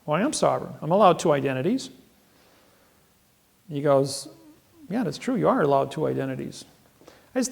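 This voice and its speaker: A man's voice: on the high side, very animated, fairly quick, creaky, pauses often. A man speaking at a seminar, telling boastful stories in a rambling way, often repeating his words. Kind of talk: seminar talk, storytelling to an audience. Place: seminar room.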